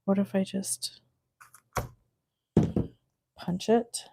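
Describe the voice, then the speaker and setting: A woman's voice: medium pitch, drawn-out words, gravelly, noisy background. A middle-aged woman hosting a craft livestream, chatting casually and telling a story as she works. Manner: chatty storyteller, animated and self-mocking. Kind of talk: casual chat while crafting.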